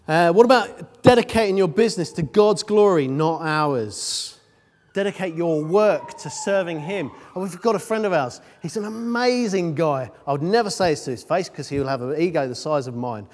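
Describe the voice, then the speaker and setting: A preacher delivers a casual, conversational sermon, full of ums and self-mocking asides. His voice sits fairly high for a man and swings widely in pitch. It rings out with the long reverb of a large hall. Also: lively intonation, moderate pace.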